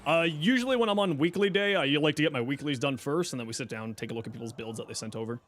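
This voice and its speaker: A man's voice: a little high, very fast, fairly bright tone, slight background noise. A man streaming a video game, chatting casually and reading his viewers' questions aloud before answering them offhandedly. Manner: easygoing, chatty, jokey. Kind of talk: casual live-stream chat while gaming.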